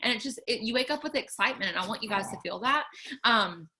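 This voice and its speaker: Young woman, bright voice, casual faith talk, chatty, earnest. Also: fairly high pitch, lively intonation, fast, a little hiss or hum. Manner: chatty and earnest, many fillers, urging viewers on. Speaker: livestream host sharing faith encouragement.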